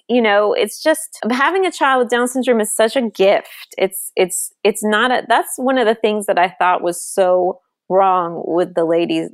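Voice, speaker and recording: A woman in her thirties recounts a personal story in a relaxed conversational tone, her voice lifting and dropping as she acts out quotes. The sound is close and dry, with no room around it. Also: on the low side, no echo. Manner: animated storytelling with acted-out quotes. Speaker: podcast guest. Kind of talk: casual conversation.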